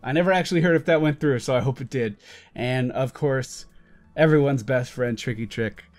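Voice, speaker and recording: A man's voice: mid-range voice, moderate pace, faint music behind. A man telling a story in a casual vlog, wry and self-mocking, who swears freely. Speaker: YouTuber.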